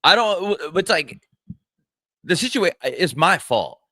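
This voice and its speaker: A man's voice: fairly high pitch, sing-song, a little slow, bright, forceful tone, no room sound. A young man co-hosting a podcast in a chatty, rambling, laid-back casual chat on a studio microphone. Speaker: podcast co-host.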